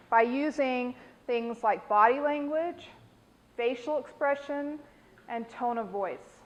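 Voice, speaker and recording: American woman trainer, fairly high voice, quizzes her class, echoey room. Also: dull audio. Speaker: dementia care trainer.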